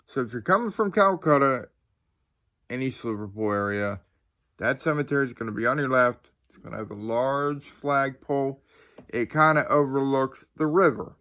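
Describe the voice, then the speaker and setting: The host of a channel, a man in his forties from Ohio, shares a ghost story into a phone in a loose, rambling style full of fillers and side comments. He speaks at normal speed with a mid-range voice and a sharp tone.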